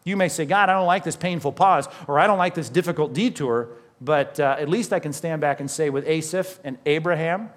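A man, a pastor, preaching a sermon in a conversational way, asking the congregation questions and slowing down to stress scripture. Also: on the high side.

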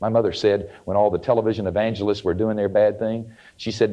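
Male preacher, emphatic sermon delivery, dark mellow voice, muffled old recording. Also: lowish voice, fast, few pauses. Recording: dull archival sermon tape.

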